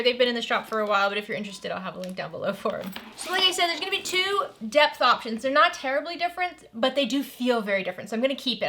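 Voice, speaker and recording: A bubbly young woman talks through a sewing tutorial in a chatty, upbeat way. Her voice is bright and forceful, sitting a little high for a woman. She sounds eager and easygoing as she explains each step. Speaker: sewing pattern designer and channel host.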